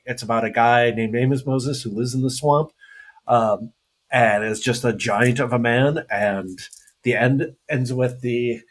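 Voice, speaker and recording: A man co-hosting a podcast, chatting casually in a jokey, enthusiastic way. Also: medium pitch. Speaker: podcast co-host. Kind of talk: casual chat.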